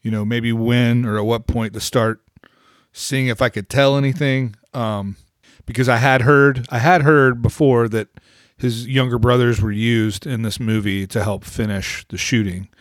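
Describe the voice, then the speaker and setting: A man's voice: medium pitch, fairly even intonation, unhurried, no echo, studio quality. A man co-hosting a podcast, thoughtful and rambling in casual movie review chat, often trailing off. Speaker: podcast co-host.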